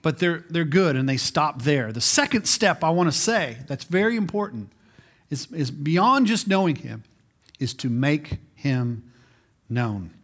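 A man's voice: fairly high pitch, big pitch swings, unhurried. A man in his forties preaching a sermon in a conversational way as pastor, often repeating words as he restarts.

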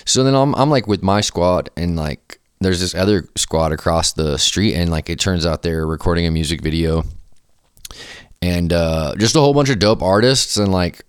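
A young adult man hosting a podcast, telling loose, profane stories in casual chat and jumping into animated quoted voices. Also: low-pitched, normal speed, clear, resonant tone, no echo, clean studio sound. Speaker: podcast host.

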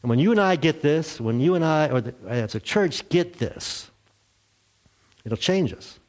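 A man preaching a sermon, telling a story with lively acted-out voices. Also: fairly high pitch, measured pace. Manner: animated storytelling, acts out characters. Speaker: pastor.

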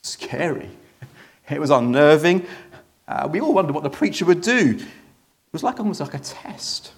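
A preacher acting out a plain churchgoer who used to doze through sermons and now recounts, half-stammering, the day a visiting teacher stunned the room. The voice sits a little high, with a gravelly edge, told as a first-person dramatic monologue within a sermon. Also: male voice. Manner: chatty storyteller, hesitant restarts. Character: ordinary man in the congregation, a jaded sermon-dozer left amazed.

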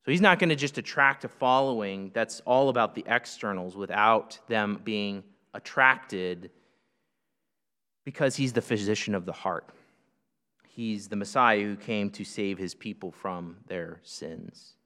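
A man's voice: on the low side, unhurried, bright, forceful tone, clean tone. A man preaching a sermon, emphatic and full of rhetorical questions. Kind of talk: sermon teaching. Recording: long hall reverb.

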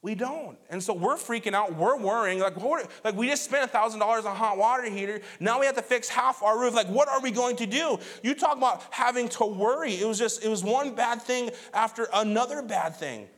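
A pastor preaching a conversational sermon, telling a personal story and moving between loud emphatic lines and quiet hushed ones. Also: male voice, very high-pitched, brisk, few pauses.

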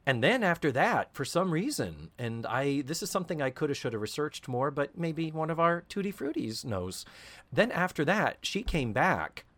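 A man co-hosts a chatty podcast, his pitch leaping up and down as he tells stories. He talks animatedly and swears freely. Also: normal speed. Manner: animated, profane storytelling. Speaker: podcast co-host. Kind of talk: casual chat.

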